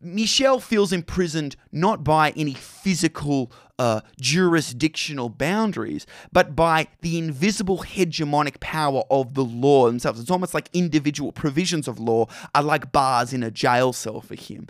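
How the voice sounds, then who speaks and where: A man's voice: fairly high pitch, moderate pace, hardly any pauses, dry recording, clean studio sound. An Australian man hosting a film discussion podcast, talking in a thoughtful, searching way with many fillers and restarts.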